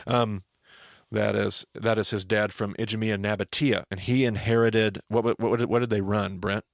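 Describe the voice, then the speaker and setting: Podcast host guy, gravelly lowish voice, teaching bible stuff, animated, dry close mic. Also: normal speed, no echo. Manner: animated, restarts and asks co-host questions.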